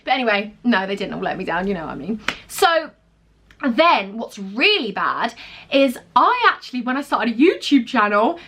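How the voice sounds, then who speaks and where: Chatty young woman vlogger, slightly high. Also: a bit bright. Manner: chatty, emphatic, gushing, talks straight to viewers. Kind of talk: casual storytime chat to camera.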